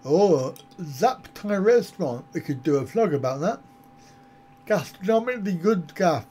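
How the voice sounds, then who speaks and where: A man's voice: sits high, animated, a little slow, darkish tone, a little hiss or hum. A man hosting a travel vlog live stream, chatting with viewers in a jokey, rambling, easygoing way.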